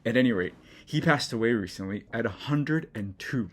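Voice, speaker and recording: A man's voice: medium pitch, expressive, moderate pace, breathy edge, faint music behind. A middle-aged man hosting a casual art vlog, chatty and encouraging, easily moved as he talks through his work. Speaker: collage artist and channel host. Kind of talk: casual studio vlog to camera.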